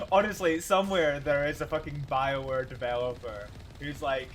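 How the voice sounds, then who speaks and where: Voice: medium pitch, steady tone, measured pace, a little hiss or hum. A streamer giving casual gameplay commentary, swearing freely, laughing often and breaking into sudden yelps.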